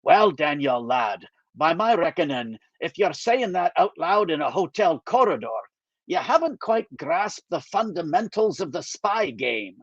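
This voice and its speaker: A gruff Scottish émigré man, dry and teasing, grumbling at his young companion, as an author voices him in a reading. His voice sits a little high and bright for a man. The sound is dull and dry, as if recorded close on a modest mic. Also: big pitch swings, measured pace, dry recording, exaggerated voice.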